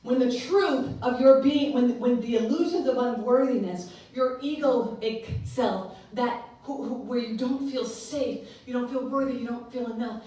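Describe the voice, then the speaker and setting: Animated woman preaching in echoey church. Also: on the high side. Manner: animated storytelling, call-and-response with congregation, laughing. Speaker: guest speaker and singer. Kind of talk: lively church talk. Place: large church sanctuary. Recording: echoey live church recording from far off.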